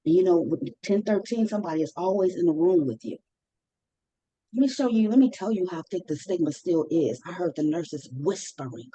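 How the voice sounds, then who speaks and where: A woman's voice: fairly low pitch, lively intonation, fairly quick, warm tone, low-quality recording. A woman telling her own mental health story as a guest, emphatic, repeating phrases for stress and acting out what she once said. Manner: acts out her own past words in dialogue. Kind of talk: personal testimony in conversation.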